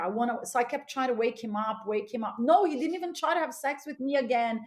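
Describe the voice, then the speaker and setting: A woman guest on a podcast telling a candid, animated story, often laughing and repeating words for emphasis. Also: high voice, brisk, hardly any pauses.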